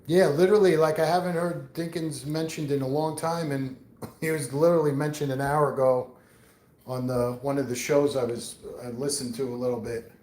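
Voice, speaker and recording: Speaking at medium pitch with fairly even intonation and a moderate pace, this livestream host sounds a little mellow and roomy. He's a middle-aged man from New York with a mixed New York accent, rambling casually while answering viewers outdoors on a windy day.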